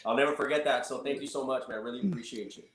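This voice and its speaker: A male musician guest in a casual interview, giving grateful thanks and shout-outs and often repeating words and ending phrases with "man.". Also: medium pitch, steady tone, very fast, reverberant, a crowd in the background.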